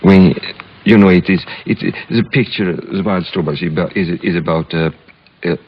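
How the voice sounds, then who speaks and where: A man from Sweden, a film director being interviewed, speaking English with a Swedish accent and pausing often to find his words. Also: sits low, slight background noise. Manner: halting, searching for English words. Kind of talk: reflective interview storytelling. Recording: dull lo-fi archival recording.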